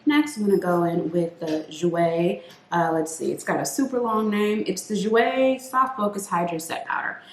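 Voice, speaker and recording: A woman's voice: on the low side, normal speed, echoey room, slight background noise. A woman beauty vlogger chatting playfully through a makeup routine, calling her viewers sis. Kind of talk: casual makeup tutorial chat.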